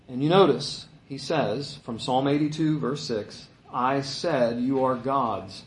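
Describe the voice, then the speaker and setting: A man teaching a Bible passage in a relaxed, conversational way, growing animated when he acts out quotes. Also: medium pitch, unhurried, hardly any pauses, reverberant. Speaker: pastor.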